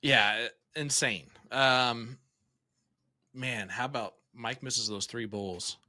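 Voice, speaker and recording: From a small streaming room, a young man delivers casual, excitable live commentary on darts, chatting freely and leaning on lots of fillers. His voice is mid-range and his pace slow, with no echo.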